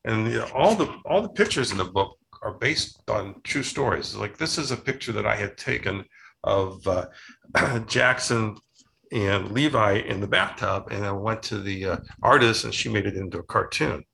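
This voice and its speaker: Older male author, gravelly and sharp-toned, chatty and rambling in interview. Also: lowish voice, lively intonation, moderate pace, slight background noise. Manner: rambling, many restarts and fillers. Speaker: children's book author. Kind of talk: casual interview storytelling.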